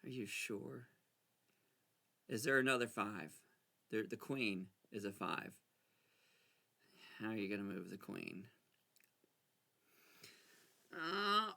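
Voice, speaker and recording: Man, gravelly, bright tone, slow, self-talk over a card game, anxious and excitable. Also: lowish voice. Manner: talks to himself, anxious and excitable. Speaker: gameplay video creator.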